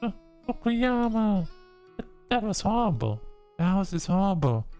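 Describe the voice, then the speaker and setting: A jumpy young protagonist from a game reading, voice high and strained, stumbling over words, as a man acts it out. Soft guitar music plays faintly behind. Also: big pitch swings, unhurried, clean tone. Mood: sobbing, panicked. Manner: high, panicky, stammering. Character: frightened, tearful young protagonist.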